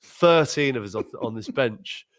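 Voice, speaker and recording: A man's voice: mid-range voice, lively intonation, measured pace. A man casually telling a funny story on a podcast, laughing often and repeating words as he goes. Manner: laughs through his stories, repeats words, acts out quotes. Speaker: podcast host, former footballer.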